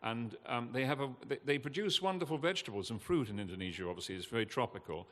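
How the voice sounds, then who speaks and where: An older man, giving an impassioned, earnest talk from a festival stage, halting with fillers now and then. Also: mid-range voice, fairly bright tone. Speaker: guest speaker at a festival. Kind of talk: emotional public talk. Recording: long hall reverb.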